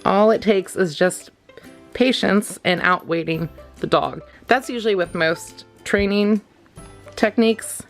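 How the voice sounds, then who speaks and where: A woman's voice: mid-range voice, a little slow, faint music behind. A woman giving a casual dog-training vlog lesson, chatty and laughing often as she coos praise at her dogs.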